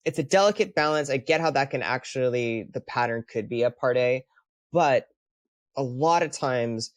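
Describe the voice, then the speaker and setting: A man's voice: medium pitch, moderate pace, no echo. A man co-hosting a relationship advice podcast, talking thoughtfully and sometimes searching for the right words. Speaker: podcast co-host. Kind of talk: casual advice conversation.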